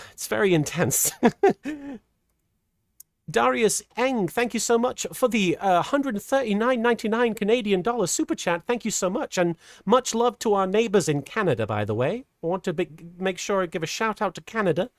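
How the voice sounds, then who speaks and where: A middle-aged woman streamer chatting casually while reading super chats, earnest and halting, with a softened feminine voice. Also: mid-range voice, expressive, no echo, clean studio sound. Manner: earnest, halting with many restarts; voice softened toward a feminine sound. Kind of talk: casual livestream chat.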